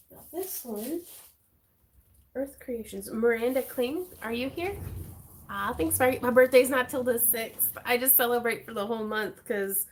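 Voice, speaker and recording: A woman hosting a craft livestream, chatting casually in a bubbly, excitable way with frequent giggles. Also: fairly high pitch, a little hiss or hum.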